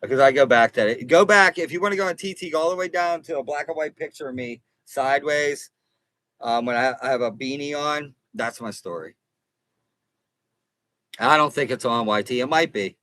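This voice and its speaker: On a rough recording with no echo, a consumer advocate speaks at a moderate pace in a pushed, bright, mid-range voice. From inside his RV, he hosts a casual livestream, addressing viewers earnestly while rambling and repeating or restarting what he says.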